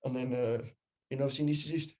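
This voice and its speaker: A young man chatting casually on a podcast, telling stories in an animated way and swearing freely. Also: medium pitch, brisk. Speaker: podcast co-host. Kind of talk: casual chat.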